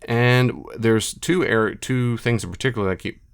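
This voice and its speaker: A middle-aged man speaking as a biblical scholar in an unscripted monologue, emphatic and repetitive, with animated asides. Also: medium pitch, normal speed, clean tone.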